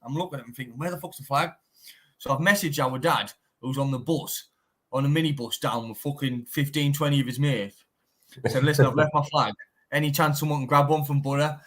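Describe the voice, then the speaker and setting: A man's voice: mid-range voice, steady tone, brisk, fairly bright tone. A young man, a bare-knuckle fighter in a casual live-stream interview, talking animatedly, swearing often and saying "mate" all the time. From Teesside, northeast England.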